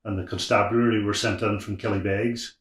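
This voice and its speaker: A man's voice: lowish voice, level tone, a little fast. A man interviewing a relative in casual chat, prompting and laughing through anecdotes. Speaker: interviewer, family member. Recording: roomy echo.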